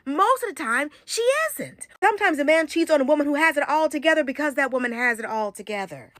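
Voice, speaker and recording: High, lively woman giving blunt opinions. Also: no echo. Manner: direct and lecturing, lists examples. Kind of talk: opinion commentary clip.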